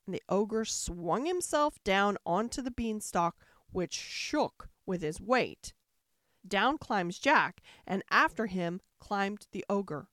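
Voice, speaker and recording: A woman tells a fairy tale in an expressive storybook manner, leaning into the dramatic beats. Her voice sits mid-pitch, and the recording is dry and close. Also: no room sound. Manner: expressive storybook narration with rising emphasis.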